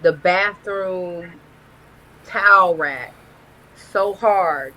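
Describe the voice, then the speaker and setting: A woman's voice: fairly low pitch, extremely slow, rough recording. A woman, a guest telling a blunt, profane story in a casual live-stream interview. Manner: candid, profane, animated storytelling.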